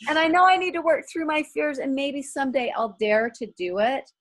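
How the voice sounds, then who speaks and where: Speaking a little fast in a high-sitting voice, a middle-aged guest author tells self-deprecating stories with lots of animation during a relaxed interview.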